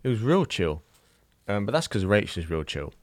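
Deep-voiced Irish man telling a story. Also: sing-song, a little mellow, no echo. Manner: halting, emotional, many restarts and fillers. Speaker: new father telling a birth story. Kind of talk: personal storytelling, casual.

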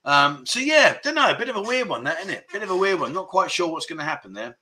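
This livestream host has a high-pitched voice with big pitch swings, pushed and bright, and he talks fast. He reads viewer comments aloud in a casual chat, chatting about them with lots of filler words.

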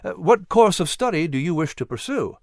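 A hearty young fiddler speaks with bright enthusiasm, as a man puts him on. His pitch swings widely and sits a little high, in a dry, close recording. He sounds outgoing and at ease. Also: a little fast, no room sound. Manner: hearty, animated. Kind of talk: storybook reading.

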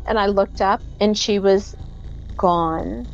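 In a dull-sounding recording, a middle-aged podcast guest relates something that happened to her, bringing the people in the story to life by acting out their voices. Her pitch sits at medium, her pace is slow, and vocal fry runs through her speech.

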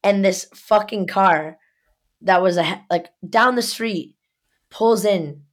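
Young woman co-host, casual, swears freely, mid-pitched, tells heated stories. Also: slow pace. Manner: profane, heated storytelling. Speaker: podcast co-host. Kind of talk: casual chat.

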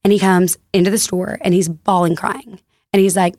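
Her voice is fairly low and darkish, with little pitch movement, a moderate pace and no echo. She's a young Texan store co-founder on a podcast, telling anecdotes in a relaxed, chatty style full of laughter and "like."

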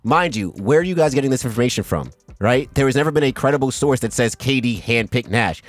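A man's voice: medium pitch, lively intonation, fast talker, dry recording, soft background music. Emphatic, profane male podcast host. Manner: emphatic, profane, keeps asking "right?". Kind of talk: heated sports podcast rant.

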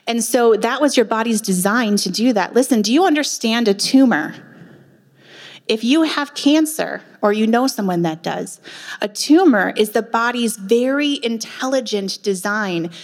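A woman's voice: a little high, expressive, moderate pace. A woman nurse practitioner giving a passionate faith-based talk at a women's retreat, with emphatic rhetorical questions. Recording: long hall reverb.

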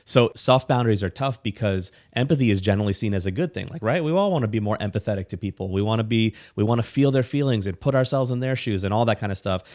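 A man's voice: on the low side, fast talker, few pauses, a little mellow. A man co-hosting a podcast, explaining ideas in a matter-of-fact, casual way. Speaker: podcast co-host. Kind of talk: casual chat.

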